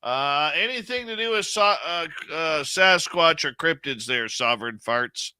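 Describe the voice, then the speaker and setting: Slow, bright-voiced joking radio host. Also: male voice, a little high, animated, clean tone, no echo. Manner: jokey, greets chat viewers by name. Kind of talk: casual live radio chat.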